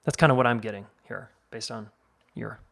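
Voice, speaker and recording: A man's voice: lowish voice, moderate pace, creaky, a bit bright. A man hosting a relationship advice podcast, chatting casually as he reads a listener's question and comments on it. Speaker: podcast host.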